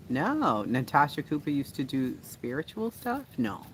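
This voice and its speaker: A man's voice: fairly high pitch, sing-song, unhurried, vocal fry, hardly any pauses, a little hiss or hum. A man hosting a casual livestream, reading viewer comments aloud and talking bluntly, with a lot of swearing and frequent laughter. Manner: blunt, profane, laughs often. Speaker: livestream host.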